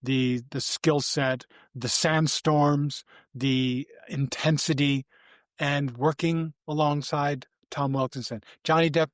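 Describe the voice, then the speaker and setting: An older man, a podcast guest, telling animated and rambling anecdotes with frequent restarts. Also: on the high side, slow, no echo, clean studio sound. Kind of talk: casual interview storytelling.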